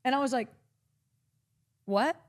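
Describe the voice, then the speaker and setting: A young woman from Texas tells a long, tangled story to a friend. She acts out everyone's lines with real energy and swears freely. Her voice sits a little high. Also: takes it slowly. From Corpus Christi, Texas. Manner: animated, acts out quotes, swears a lot. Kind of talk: casual storytelling.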